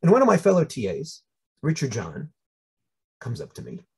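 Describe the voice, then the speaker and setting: An older man with a New York accent tells stories with plenty of humor, and his pitch swings widely as he goes. His voice is a bit husky. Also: moderate pace. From United States. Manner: animated, humorous storytelling with voiced asides. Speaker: speaker. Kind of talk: storytelling talk.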